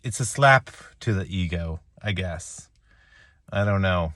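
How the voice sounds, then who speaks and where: A man with a low voice rambles wryly to his audience, turning his own mistakes into jokes. He breaks off and restarts often, with small laughs in between. The sound is dry and close, with no room around it. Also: expressive, a bit bright, no echo. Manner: wry, laughing at himself, halting restarts. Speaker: chess vlogger. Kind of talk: rambling self-deprecating reflection.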